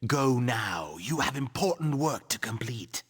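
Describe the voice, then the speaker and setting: An actor playing a mysterious invisible guide in a video game, speaking in a hushed, solemn, breathy voice. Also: male voice, mid-range voice, expressive, measured pace.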